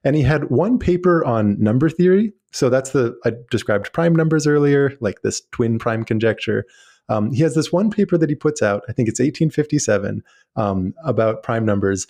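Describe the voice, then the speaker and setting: A man with a gravelly, dark-toned voice, talking as a guest expert. He explains ideas eagerly in a casual chat, with plenty of "um"s along the way. His tone is mellow rather than bright. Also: medium pitch, lively intonation, moderate pace. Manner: eager explainer with many fillers. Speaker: guest mathematician.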